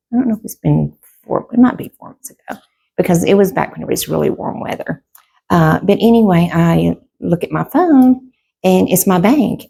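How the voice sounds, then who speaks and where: A middle-aged woman tells a rambling personal story, heavy with fillers. Her voice is deep, strongly gravelly and dark. It carries a husky edge. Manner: rambling, full of fillers and quoted back-and-forth. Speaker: vlogger telling a personal story. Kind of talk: casual storytelling to camera.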